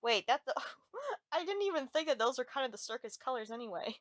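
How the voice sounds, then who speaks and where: Playful giggly woman streamer reading a dating sim, kinda high voice, dry close mic. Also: very animated, brisk, a bit bright, no room sound. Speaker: gaming streamer.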